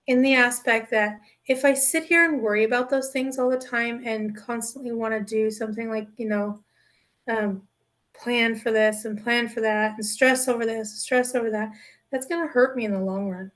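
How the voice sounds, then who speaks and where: Lady podcast cohost, kinda high voice, rambles on earnestly, lots of "right?". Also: steady tone, moderate pace, a bit bright. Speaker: podcast co-host. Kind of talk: casual podcast chat.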